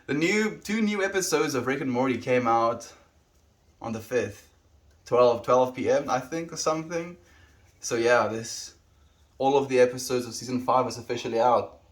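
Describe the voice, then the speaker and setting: A man talking on a live stream, greeting viewers one by one and reading their messages aloud in an easygoing, friendly way. His voice sits at an ordinary middle pitch, and the talk rambles casually as he answers questions. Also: moderate pace. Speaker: livestreamer.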